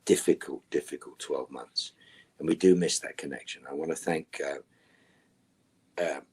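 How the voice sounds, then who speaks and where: Deep husky man trading dry quips. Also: measured pace, a little mellow. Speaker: actor answering fan questions. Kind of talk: virtual Q&A panel.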